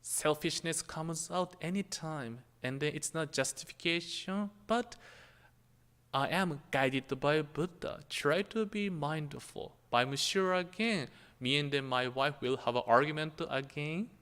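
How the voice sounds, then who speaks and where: Slow-speaking man giving a dharma talk. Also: fairly high pitch, fairly bright tone, smooth. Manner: halting, searching phrasing. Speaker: minister. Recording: temple hall reverb.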